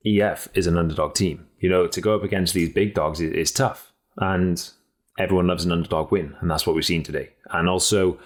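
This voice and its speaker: Deep-voiced blunt man in casual chat. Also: brisk. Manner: blunt, energetic, swears freely, frequent restarts. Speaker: podcast co-host and cycling pundit.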